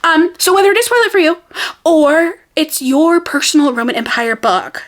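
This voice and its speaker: Young woman, book vlogger, fairly high voice, bubbly, rambling, self-deprecating. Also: lively intonation, moderate pace. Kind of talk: casual chatty book review.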